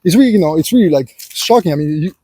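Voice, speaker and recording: A man's voice: on the high side, lively intonation, quick pace, mellow, a little hiss or hum. A man speaking in an unscripted personal monologue, rambling and full of filler phrases as he lectures the listener and calls him "son". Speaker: vlogger.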